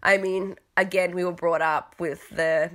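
Fighting off a cough, this Australian woman with a mixed accent talks through a casual vlog recap a little slowly, her low voice showing little pitch movement. The delivery is rambling and hesitant, packed with fillers.

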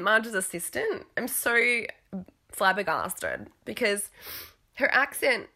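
Woman, mixed Australian accent, sharp bright tone, hesitant rambling, fighting a cough. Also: on the high side, very animated, takes it slowly, creaky. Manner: rambling, hesitant, many fillers. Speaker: vlogger. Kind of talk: casual reality TV recap.

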